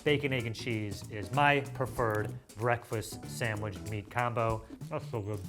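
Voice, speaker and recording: A man's voice: fairly low pitch, fairly even intonation, unhurried, music in the background. A man hosting a food review show, talking in an enthusiastic, jokey, playful way. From United States. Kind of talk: casual food review chat.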